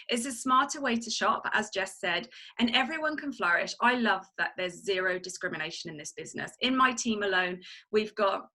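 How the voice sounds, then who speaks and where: A woman giving an enthusiastic, emphatic sales pitch over a video call. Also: pushed and bright. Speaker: network marketing team leader.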